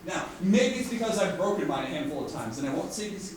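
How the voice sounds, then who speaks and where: A man teaching an art class to students, joking and animated, who keeps checking in with "right?". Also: sits high, quick pace. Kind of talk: classroom lecture. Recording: echoey room from far off with faint noise.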